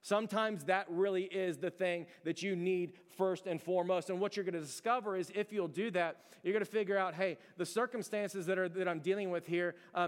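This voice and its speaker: In a sermon, a male pastor speaks in a smooth, resonant, fairly high voice, conversational and earnest as he tells stories with emphasis. A long reverb suggests a large church hall.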